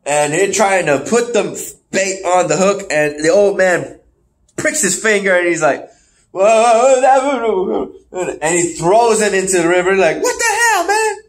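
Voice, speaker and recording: A man's voice: high-pitched, a little slow. A man hosting a podcast, casually recapping wrestling shows and acting out the wrestlers in put-on voices. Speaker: podcast host.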